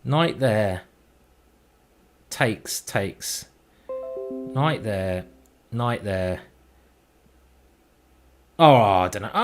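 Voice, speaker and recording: A man's voice: lowish voice, animated, extremely slow, pauses often, faint music behind. A man streaming a chess game, chatting and thinking aloud as he plays, with mild swearing. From England. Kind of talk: live game commentary.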